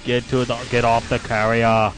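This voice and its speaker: A man hosting a live gaming stream, reacting excitedly and commenting on the action. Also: mid-range voice, moderate pace, faint music behind. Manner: excitable, reacts loudly to gameplay. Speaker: game stream host.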